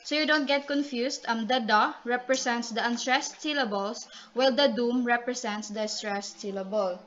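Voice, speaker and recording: A woman's voice: on the high side, normal speed, a bit bright. A woman giving a class report on poetry and calling on classmates by name. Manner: explanatory, calls on classmates by name. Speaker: student reporter. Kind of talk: class presentation. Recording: dull lo-fi recording.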